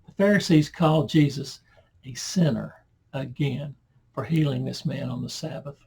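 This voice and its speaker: Very husky, gravelly-voiced man teaching scripture. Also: medium pitch, normal speed. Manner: conversational, loud when reading scripture aloud, asides and self-corrections. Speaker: Bible teacher. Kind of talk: verse-by-verse Bible teaching.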